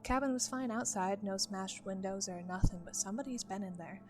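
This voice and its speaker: A woman's voice: mid-range voice, brisk, over music, lightly acted. A woman reading the lines of a middle-aged male park ranger with a thick Southern US drawl, folksy and confiding.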